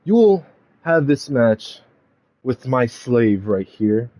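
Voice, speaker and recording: A man voicing a domineering male wrestling stable leader who calls himself king, speaking slowly and with command in a dark, mellow voice. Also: mid-range voice, big pitch swings, voice pushed down, poor audio.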